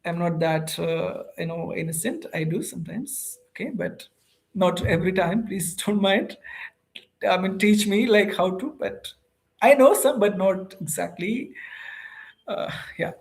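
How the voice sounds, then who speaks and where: A man with an Indian accent chatting casually on a livestream and answering viewers' comments. His speech is halting, full of fillers, restarts and informal address such as bro and ma'am. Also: sits high, creaky. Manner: hesitant, many fillers and restarts. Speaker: host of an English practice livestream.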